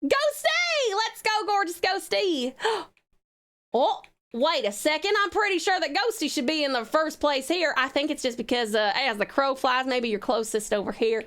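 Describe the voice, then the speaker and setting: Brief: a woman doing a very high, bouncy, folksy Southern drawl on a live game stream. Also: animated, moderate pace, fairly bright tone. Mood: playful. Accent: US Southern, put on. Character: cheery Southern-accented woman, the streamer's own persona.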